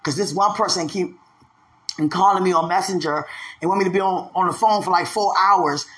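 A speaker with a bright, sharp-edged voice talks in a loose, faith-filled monologue. The delivery is teasing and full of laughter, with quoted voices acted out in a raised pitch and a running "you understand?" aimed at the listener. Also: a little fast, rough recording.

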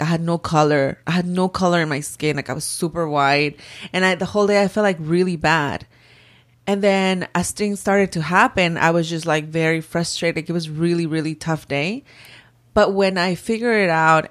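A woman in casual chat, telling a story in an animated way and acting out the people she quotes. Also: on the low side.

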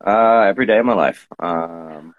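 A man's voice: low voice, normal speed, narrow, tinny audio. A joking, self-deprecating man hosting a casual chat over a live stream, suffering from hay fever. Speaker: host. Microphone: Instagram Live stream.

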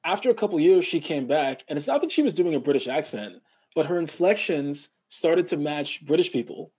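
A man from Montreal, an actor and guest in a casual interview, telling stories in an animated way and mimicking other people's voices. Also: fairly high pitch, a little fast, slightly rough. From Montreal, Canada.

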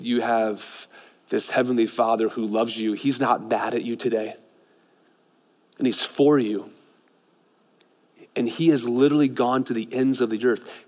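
A middle-aged man preaching a sermon as a pastor, swinging between loud excited passages and hushed, intimate ones. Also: mid-range voice. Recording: long hall reverb.

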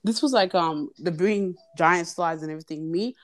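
Speaking at normal speed in a low-leaning voice, a young woman on a podcast shares a long, casual story. Children are heard nearby as she animatedly plays out the other people's quoted lines.

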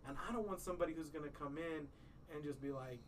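A man's voice: fairly high pitch, fast, far from the mic, slight background noise, low-quality recording. A man in his thirties hosting a podcast, chatting casually in a rambling way and telling stories. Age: 30s. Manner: rambling, restarts often, tells stories. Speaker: podcast host. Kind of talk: casual chat.

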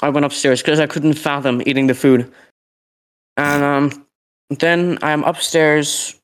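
A Northern Irish teenager co-hosts a podcast, his voice fairly high, level, clear and resonant, delivered unhurriedly. He rambles through a story during casual conversation, acting out what the people in it said.

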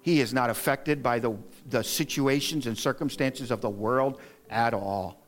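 A middle-aged male pastor delivers a sermon in a church sanctuary. He speaks earnestly in a mid-range voice, counting off practical points and pushing his pitch upward for emphasis. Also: measured pace, soft background music. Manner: earnest and exhorting, lists points, rises in pitch to stress them.

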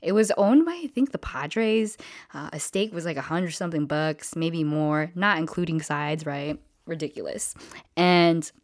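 A woman's voice: deep voice, measured pace, dry recording, clean studio sound. A woman telling a casual story, slangy and freely profane, who acts out the people she quotes.

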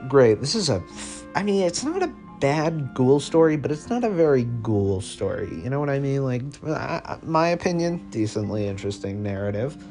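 A man's voice: mid-range voice, very animated, moderate pace, a little mellow, faint music behind. A man hosting a podcast and telling a comedic story in second person, rambling, cursing and cutting himself off. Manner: rambling, profane, self-interrupting. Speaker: podcast host.

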